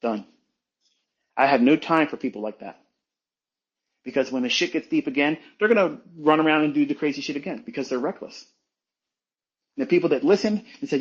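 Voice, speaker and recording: A man's voice: on the high side, a little fast, long pauses, husky, highs cut off. A man talking as a trading mentor in a blunt, emphatic, profane monologue, repeating his points for weight.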